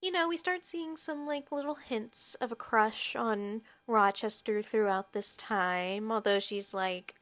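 A woman's voice: mid-range voice, a little slow, a bit bright. A woman hosting a podcast, talking casually about a book, with many fillers and restarts and frequent laughter. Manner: laughs often while talking. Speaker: podcast host.

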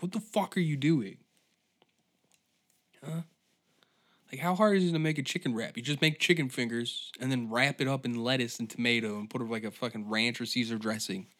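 A man's voice: mid-range voice, a bit bright. A man hosting a comedy podcast, ranting in an exasperated, profane monologue. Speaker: podcast host.

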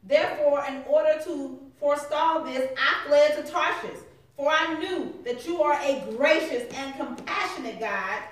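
A woman's voice: high voice, a little slow, few pauses. A woman reading scripture verses aloud at a Bible study. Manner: reads verses aloud steadily. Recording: distant, very echoey room.

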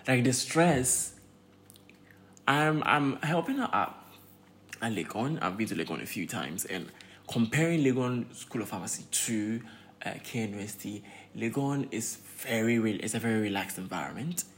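Young ghanaian guy ranting into the camera, lowish voice, lots of ums, fed up. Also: animated, normal speed, a bit bright, slight background noise. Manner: exasperated, repeats himself, many fillers. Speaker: pharmacy graduate vlogger. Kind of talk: casual vlog rant.

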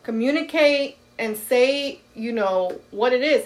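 A woman co-hosting a casual podcast, venting in a blunt, emphatic way with lots of swearing. Her voice sits a little high. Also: takes it slowly. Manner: blunt, profane, emphatic ranting. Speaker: podcast co-host. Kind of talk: casual chat.

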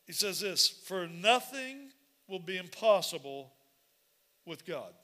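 A man preaching a sermon as pastor, animated and repetitive, building up to shouts. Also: sits high, slow.

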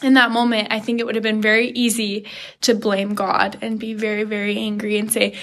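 A young woman telling a personal faith story as an interview guest, earnest and animated, acting out her own past thoughts. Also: mid-range voice, brisk. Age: young adult. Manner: earnest, animated retelling with quoted inner thoughts and laughs.

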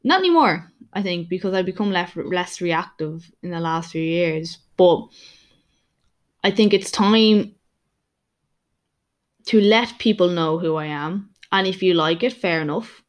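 A young woman who is a personal trainer hosting her own podcast, talking candidly in a rambling, casual monologue full of restarts. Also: fairly low pitch.

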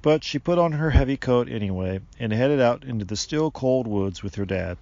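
A man reads a storybook aloud in a calm, steady, middle-pitched voice. The recording is dry, with no room sound, and a little dull in the highs. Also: normal speed, gravelly, dry recording. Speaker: narrator. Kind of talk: storybook narration.

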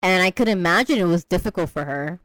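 Animated casual woman, dry close mic. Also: quick pace, no room sound, low-quality recording. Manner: animated, slangy, mimics characters in high voices. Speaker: podcast co-host discussing a film. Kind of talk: casual chat.

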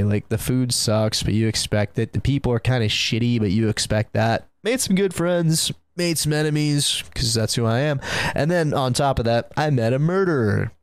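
A young man hosting a live podcast, rambling and swearing as he tells stories, laughing often and admitting he is high. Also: dry recording. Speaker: podcast host.

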